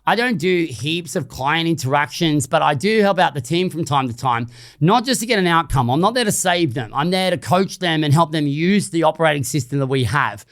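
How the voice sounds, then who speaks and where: A man's voice: a little high, lively intonation, brisk, fairly bright tone. A man with an Australian accent hosting an unscripted solo podcast, talking casually and bluntly, with some swearing. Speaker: podcast host.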